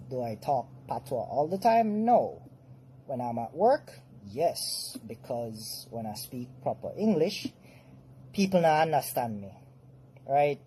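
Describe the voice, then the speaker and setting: A man's voice: mid-range voice, mellow, slight background noise, rough recording. A man with a Jamaican accent giving an earnest to-camera comedy monologue, slipping into patois phrasing. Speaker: comedic vlogger.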